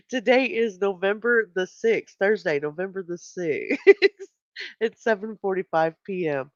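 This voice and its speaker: A woman's voice: medium pitch, normal speed, no echo, muffled recording. A woman hosting a true crime live stream, chatting casually and giggling as she greets viewers. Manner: giggly and chatty, often breaking into laughter.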